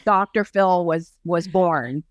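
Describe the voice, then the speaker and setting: A woman's voice: fairly low pitch, slow, no echo, studio quality. A woman co-hosting a podcast in a casual chat, adding short quips and agreement. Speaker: podcast co-host.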